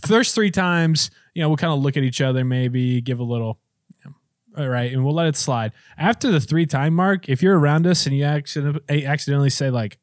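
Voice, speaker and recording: A man's voice: a little high, fairly quick, no echo, studio quality. A man co-hosting a podcast in casual chat, loose and profane, laughing often as he banters. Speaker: podcast co-host.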